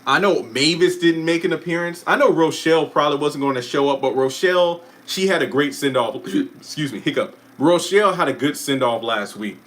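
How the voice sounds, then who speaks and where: A man hosting a casual live stream who chats about a TV finale, answers viewer comments, and often breaks off with quick asides and apologies. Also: on the high side, fairly bright tone. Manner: chatty, self-interrupting, apologetic asides. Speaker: YouTube live stream host.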